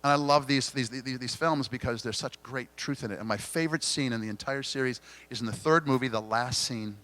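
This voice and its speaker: Earnest man giving an inspirational keynote. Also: medium pitch. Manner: earnest, gently confessional, dramatic pauses. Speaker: keynote speaker. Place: conference hall stage.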